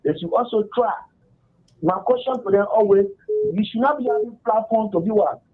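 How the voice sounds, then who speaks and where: A man with a Liberian English accent calling in to a radio show, speaking in a measured, hesitant way. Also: high-pitched. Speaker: caller. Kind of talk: call-in radio comment. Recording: muffled phone line.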